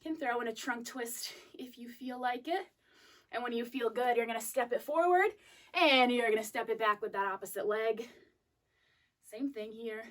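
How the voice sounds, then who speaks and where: A woman's voice: fairly high pitch, moderate pace. A young woman fitness instructor cueing a live workout class, sniffly and out of breath, in an upbeat coaching manner. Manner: upbeat, coaching cues counted out while moving. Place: fitness studio. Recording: voice distant from the mic.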